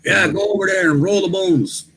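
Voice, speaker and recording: A man's voice: sits high, moderate pace, fairly bright tone, a little hiss or hum, rough recording. A man co-hosting a casual livestream chat, joking and telling wry stories. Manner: joking, tells wry anecdotes. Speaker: co-host.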